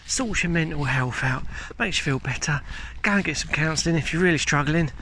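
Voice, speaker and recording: A man's voice: a little high, brisk, sharp tone, a little hiss or hum. A man chatting casually and candidly while out on a countryside walk, filming himself on a handheld camera. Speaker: vlogger. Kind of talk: casual walking chat. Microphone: handheld camera while walking. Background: faint outdoor ambience.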